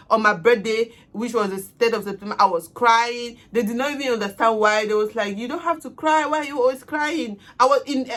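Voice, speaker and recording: A young woman telling a casual storytime vlog, her voice swinging from soft murmurs to loud outbursts. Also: mid-range voice. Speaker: vlogger.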